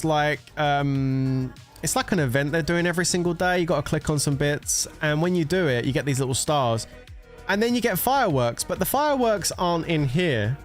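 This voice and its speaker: A man streaming a mobile strategy game, chatting casually and excitably with his viewers and swearing freely. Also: fairly high pitch. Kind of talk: casual live-stream commentary.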